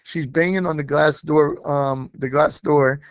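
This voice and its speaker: A man guest telling an animated, laughing story in a casual interview. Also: on the high side, measured pace, dry recording, studio quality. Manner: animated, laughing, full of restarts and quoted voices. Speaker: rapper guest.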